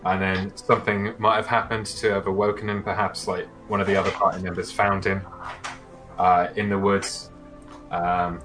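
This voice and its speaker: A man's voice: lowish voice, fairly bright tone. A man casually describing his tabletop character, hesitant, with many fillers and restarts. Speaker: player.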